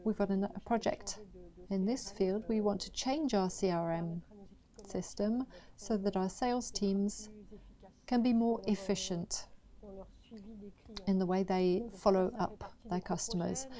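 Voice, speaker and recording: With a dark tone and a mid-range voice, a woman presents annual financial results to investors. She sounds hesitant, filling her speech with fillers and restarting sentences often.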